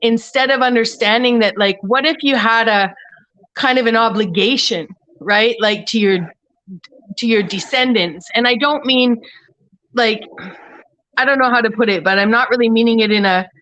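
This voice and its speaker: A woman's voice: on the high side, normal speed, fairly bright tone, low-quality recording. Woman rambling, hunting for words. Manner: rambling, searching for words mid-thought. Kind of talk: casual livestream discussion.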